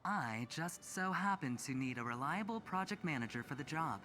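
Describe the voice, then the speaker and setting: A man's voice: a little high, lively intonation, moderate pace, pushed and bright, a little hiss or hum. An actor playing a smug, teasing young male corporate gambler in a game. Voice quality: teasing, self-assured.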